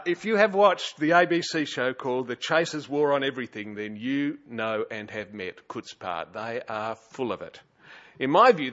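A man's voice: medium pitch, a bit bright, lo-fi sound. A man with an Australian accent preaching a sermon in a conversational, wryly humorous way, with frequent hesitations, in a church. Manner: conversational, chatty, with frequent uh fillers and wry humour. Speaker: pastor.

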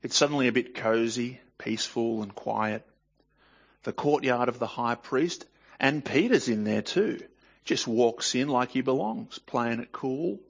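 A man's voice: mid-range voice, expressive, a little slow, gravelly, husky, dull audio. Man reading scripture with chatty commentary. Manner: conversational, asks listeners rhetorical questions. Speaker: Bible teacher.

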